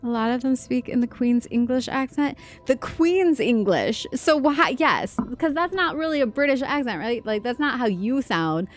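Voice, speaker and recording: A woman's voice: high voice, expressive, moderate pace, few pauses, faint music behind. A woman livestreaming a game, chatting in a rambling, chatty way with lots of fillers. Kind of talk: casual livestream chat while gaming.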